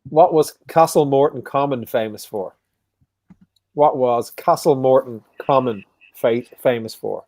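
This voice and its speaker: Male quiz host, joking and unhurried, in a dry close sound. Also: mid-range voice, darkish tone, no echo. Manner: jokey, repeats each question slowly. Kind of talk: casual live quiz hosting.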